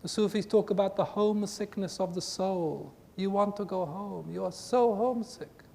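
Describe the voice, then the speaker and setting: A man giving an earnest spiritual talk to a group, with emphatic, repetitive phrasing, recorded in a reverberant hall with a faint rumble. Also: moderate pace, vocal fry, warm tone. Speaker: spiritual teacher.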